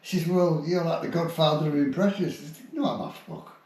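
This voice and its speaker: Older guy telling showbiz yarns, fairly high voice, swears a lot, sounds far off in a big echoey room. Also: a little fast. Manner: animated, swears freely, slips into impressions. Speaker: hypnotist and entertainer. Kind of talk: casual showbiz storytelling chat. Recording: roomy echo, distant from mic.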